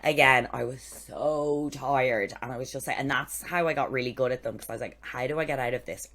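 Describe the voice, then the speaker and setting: A young adult woman co-hosting a podcast, telling lively stories, swearing freely and acting out what people said. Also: extremely low pitch, fairly quick. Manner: animated storytelling, swearing, acting out quotes. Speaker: podcast co-host. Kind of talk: casual chat.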